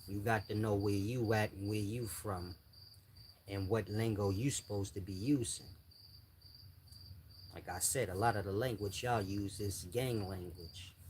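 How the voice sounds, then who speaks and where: An older man lectures his viewers in blunt street slang. His voice sits low. Crickets and insects chirp faintly in the background. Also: fairly even intonation, unhurried, a little mellow, a little hiss or hum. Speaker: channel host giving advice. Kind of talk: casual monologue to viewers.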